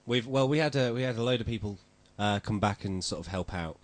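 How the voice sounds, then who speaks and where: A man hosting a casual group podcast, chatty and rambling, full of fillers and quick laughs. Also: on the low side. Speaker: podcast host.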